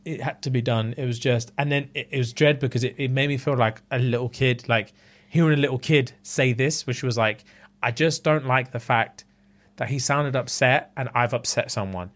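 A man with a London accent co-hosting a podcast, telling a story in a casual, animated way and acting out what people said in different voices, with plenty of swearing. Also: mid-range voice, normal speed. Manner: acts out quotes in changing voices, swears freely. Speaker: podcast co-host. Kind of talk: casual chat, animated retelling.

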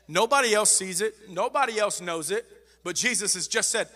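A man's voice: high-pitched, normal speed, bright, forceful tone. A man preaching a sermon as pastor, fervent and repeating phrases for emphasis. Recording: long reverb of a large hall.

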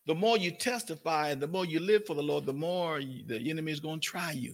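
A man's voice: on the high side, quick pace, few pauses. A male pastor preaching a sermon with emphasis, often asking the congregation questions.

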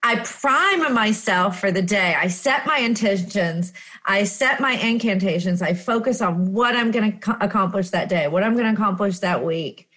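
A woman chatting casually, telling a story with lively acted-out exclamations. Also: medium pitch, moderate pace. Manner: animated storytelling, acting out her own exclamations. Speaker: guest. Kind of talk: casual chat.

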